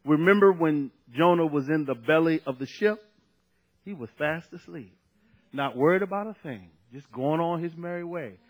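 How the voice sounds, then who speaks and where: A man's voice: a little high, moderate pace, highs cut off. A man preaching a sermon, conversational and at times emphatic, drawing out key phrases.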